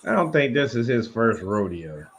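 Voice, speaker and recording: A man's voice: medium pitch, very animated, normal speed, a little hiss or hum. A man co-hosting a commentary show, talking through a police video in a loose, rambling way. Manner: rambling, many restarts and fillers. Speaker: show co-host. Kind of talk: casual commentary chat. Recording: dull lo-fi sound.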